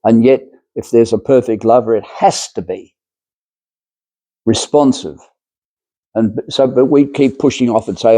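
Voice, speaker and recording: Man, spiritual lecture, mellow dark tone, rambling, hesitant, lots of fillers. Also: mid-range voice, unhurried, pauses often, no echo.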